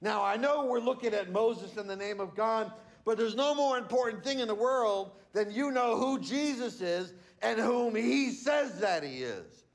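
A man's voice: high voice, animated, unhurried. A male pastor preaching a sermon to his church, teaching in an emphatic way and stressing key words.

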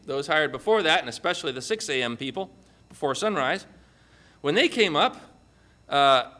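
A man preaching a sermon, telling a story vividly and drawing his listeners in with questions. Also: sits high. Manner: animated storytelling with vivid dramatizing. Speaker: pastor.

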